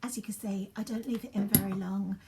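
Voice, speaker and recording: A woman chats in a rambling way as she styles her hair for a get-ready-with-me vlog at home, dropping into soft asides. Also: mid-range voice, steady tone, a little fast, noisy background. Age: 50s. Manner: chatty, rambling, drops into soft asides while working. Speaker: beauty vlogger.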